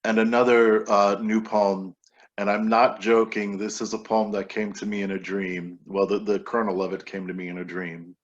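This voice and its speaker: A man reading his own poems aloud with relaxed, wry asides between them, heard over a video call. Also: on the low side, normal speed. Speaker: poet reading his work. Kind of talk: poetry reading. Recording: dull lo-fi video-call audio.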